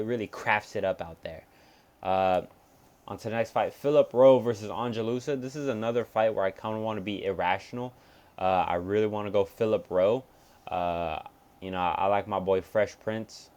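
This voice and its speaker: A young man talks through upcoming fights in a loose, unscripted breakdown. His voice sits fairly low, and he swears freely. He thinks aloud and second-guesses his picks as he goes. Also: smooth. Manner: rambling, profane, thinks aloud and changes picks. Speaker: MMA fight picks commentator. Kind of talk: casual fight-prediction breakdown.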